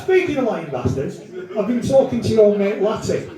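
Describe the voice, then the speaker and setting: At a comedy venue with a live audience, a Northern English comedian does stand-up with brash crowd work and lots of swearing. His high-pitched, sing-song voice moves at normal speed. The very noisy recording has an echoey live room, a distant mic, and audience laughter.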